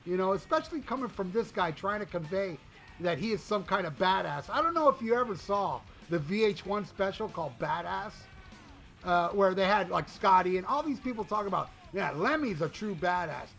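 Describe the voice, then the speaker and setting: A man's voice: high-pitched, lively intonation, a little fast, vocal fry, fairly bright tone, soft background music. A man co-hosting a casual talk show, ranting and mocking with lots of swearing. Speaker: podcast co-host reviewing an album. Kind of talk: casual chat.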